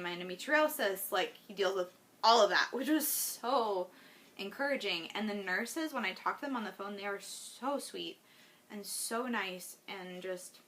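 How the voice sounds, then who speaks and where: A woman's voice: on the high side, sharp tone. A woman talking in a personal video diary, earnest and heartfelt, rambling with lots of fillers. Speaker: vlogger.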